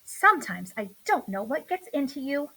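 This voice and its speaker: An exasperated mother from a children's story, scolding in a bright, high voice, as a woman reads her part. Her tone is stern but caring, with lively rises and falls. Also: moderate pace, full character voice, poor audio.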